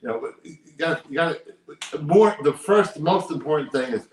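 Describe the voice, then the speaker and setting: A man's voice: a little high, animated, moderate pace, a little hiss or hum. Emphatic older man in an echoey room. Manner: emphatic, repeats his points. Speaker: guest, poker player. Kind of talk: casual interview chat. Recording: roomy echo.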